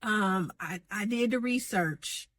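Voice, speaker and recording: A woman's voice: medium pitch, takes it slowly. Sassy, slangy woman recapping gossip. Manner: sassy, animated, slangy, acts out quotes. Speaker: gossip commentator. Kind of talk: casual reality-TV recap.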